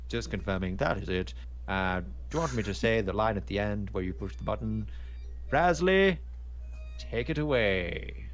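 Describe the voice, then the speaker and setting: Casting: a lower-voiced man, casual podcast co-host, faint music behind. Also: fairly quick. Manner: lists contact details with light jokes.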